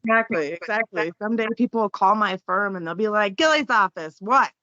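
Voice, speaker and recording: A young woman talks as a podcast guest in an upbeat, chatty way, often breaking into laughs. Her voice is bright and forceful. The audio sounds dull and lo-fi, with a dry, close feel. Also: mid-range voice, quick pace, dry recording. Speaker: podcast guest, fighter and law student. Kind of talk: casual interview chat.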